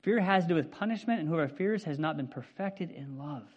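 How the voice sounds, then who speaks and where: Animated pastor preaching, chatty and lively. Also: male voice, on the high side, brisk, breathy edge, dull audio. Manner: conversational, animated, frequent "right?" check-ins. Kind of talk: sermon.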